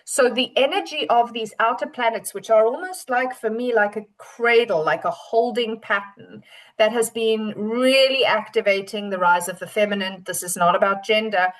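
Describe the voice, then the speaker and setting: A woman's voice: fairly high pitch, moderate pace, low-quality recording. A woman astrologer talking through a moon forecast in a chatty, rambling way. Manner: chatty, rambling, warm storytelling. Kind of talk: casual forecast talk.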